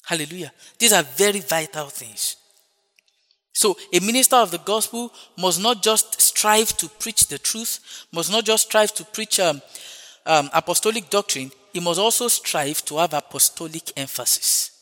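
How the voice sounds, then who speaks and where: A man preaching a sermon, stretching words slowly for emphasis and dropping in hallelujah and praise God between points. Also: high voice, sharp tone. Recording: long hall reverb.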